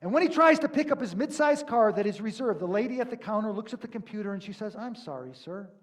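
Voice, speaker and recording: Man, pastor, sermon, high pitch, conversational, storytelling, emphatic. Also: fast talker.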